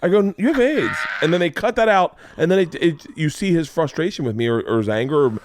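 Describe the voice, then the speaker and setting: A man in his forties, a podcast host, telling a story in casual chat and acting out the quotes with lively energy. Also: on the high side, quick pace, slight background noise. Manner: animated storyteller who acts out quotes.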